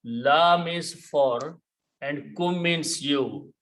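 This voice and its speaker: A man teaching a Quran lesson, explaining words step by step, repeating key terms and pausing on "okay". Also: fairly high pitch, fairly bright tone, rough recording.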